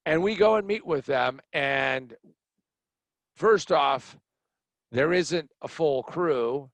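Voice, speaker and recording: Blunt, animated male storyteller. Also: fairly high pitch, takes it slowly, long pauses, no room sound. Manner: animated, blunt, acts out other people's lines. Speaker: podcast host telling a personal story. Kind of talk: storytelling monologue.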